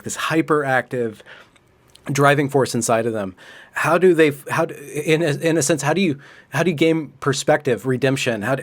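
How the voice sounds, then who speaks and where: Halting, rambling male interviewer. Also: mid-range voice, no room sound. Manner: rambling, halting questions with restarts. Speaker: host. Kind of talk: casual interview conversation.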